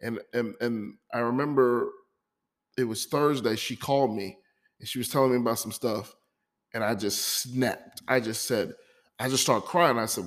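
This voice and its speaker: A man's voice: medium pitch, normal speed. A man hosting his own podcast, talking through a hard week in an emotional personal monologue, often stumbling and repeating words. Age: adult, divorced. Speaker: podcast host.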